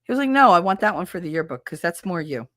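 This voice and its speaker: A woman's voice: lowish voice, very animated, fast talker, a bit bright, dry recording, studio quality. A woman in her thirties, a livestreamer chatting casually with viewers, telling stories with frequent swearing and laughter. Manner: chatty storyteller, swears freely, laughs often.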